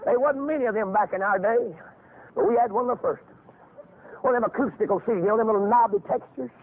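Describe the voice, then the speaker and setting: An older man preaching a fiery revival sermon, folksy storytelling that climbs into shouted exhortation. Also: sits high, fast, a little hiss or hum. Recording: tinny phone-like lo-fi recording.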